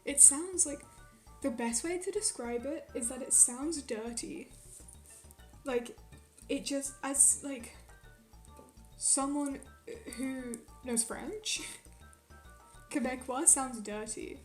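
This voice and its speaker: Ranting high-voiced young woman streamer. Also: slow pace, pauses often, a little mellow, faint music behind. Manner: rambling, swears a lot, ranting. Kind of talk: casual chat with live chat. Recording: roomy echo.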